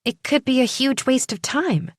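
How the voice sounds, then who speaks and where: A woman's voice: sits high, animated, moderate pace, no echo, studio quality, voice pushed up. A woman doing a bubbly, eager young rookie cop. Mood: doubtful. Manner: bubbly, rising and earnest. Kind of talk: audiobook character voice.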